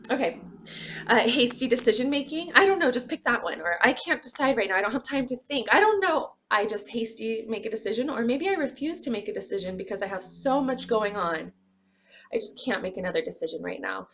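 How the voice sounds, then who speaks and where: Woman lecturer, gravelly fry, expressive and demonstrative delivery. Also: mid-range voice, a little hiss or hum. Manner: expressive, acts out examples, sighs and groans. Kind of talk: classroom lecture.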